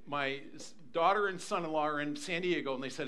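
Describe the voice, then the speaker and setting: A man's voice: fairly high pitch, fairly quick. An older man preaching a sermon, telling a family story with lots of energy and acting out the voices of the people in it. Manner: animated, acts out voices in anecdotes. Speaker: pastor.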